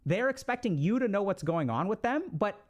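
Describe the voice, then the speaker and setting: This man's voice is high and sing-song, and he talks fairly quickly. In a casual talk explaining relationships, he keeps checking on his listeners and fills his speech with conversational fillers.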